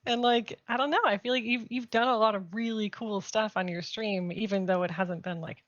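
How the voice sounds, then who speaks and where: A woman's voice: mid-range voice, fairly even intonation, fairly quick, no room sound. Woman host, giggly, rambling, muffled lo-fi audio. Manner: giggly, rambling, many likes. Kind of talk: casual chat. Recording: dull lo-fi sound.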